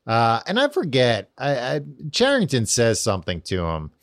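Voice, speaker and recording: A man's voice: medium pitch, huge pitch swings, normal speed, no echo. Rambling man recapping a book, dry sound. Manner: rambling, filler-heavy, laughs often. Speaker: podcast co-host. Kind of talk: casual chat recapping a book.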